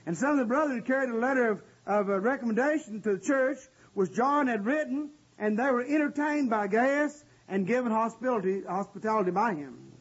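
High-voiced husky male preacher, lo-fi. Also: animated, a little fast, hardly any pauses. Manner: earnest, conversational preaching with frequent "uh" fillers. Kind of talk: sermon with scripture exposition. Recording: dull lo-fi recording.

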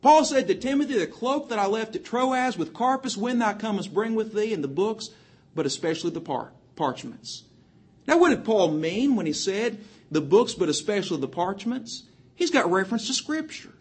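Animated and husky, this man's high voice carries a sermon directed at young people. He emphatically names chapter and verse in quick bursts and quotes the Bible in old-fashioned King James wording.

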